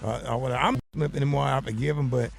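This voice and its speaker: A man's voice: medium pitch, fairly even intonation, racing, vocal fry, soft background music. A man hosting a radio morning show, joking and teasing his co-hosts as a comedian.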